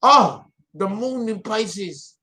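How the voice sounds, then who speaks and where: A man's voice: high voice, drawn-out words, pushed and bright. A man in his fifties giving a theatrical, exclamatory solo astrology talk. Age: 50s. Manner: dramatic, exclamatory, laughing.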